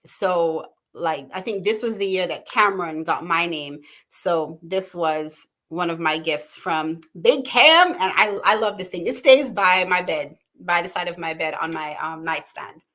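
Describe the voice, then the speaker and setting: A woman's voice: lowish voice, lively intonation, unhurried, hardly any pauses, fairly bright tone. Chatty woman host in her thirties, casual live-stream talk from home, reads comments aloud.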